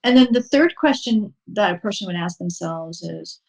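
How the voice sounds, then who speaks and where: A woman speaking as a podcast guest, her voice sitting a little low. She walks through a practice in a calm, unhurried, instructive way, stopping now and then on an um before going on. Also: creaky, low-quality recording. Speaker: podcast guest, horse-assisted wellness coach. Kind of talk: explaining a mindfulness practice in a podcast interview.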